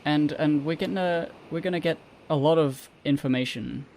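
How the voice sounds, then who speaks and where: A man co-hosting a fan podcast in casual chat, relaxed and halting as he thinks aloud. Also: a little high, slight background noise. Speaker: podcast co-host.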